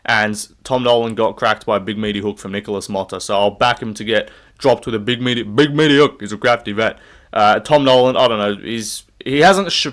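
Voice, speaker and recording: A young man, giving his fight picks in a rambling, profane, opinionated solo rant while standing up to record. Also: fairly low pitch. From Australia. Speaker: MMA fight predictor.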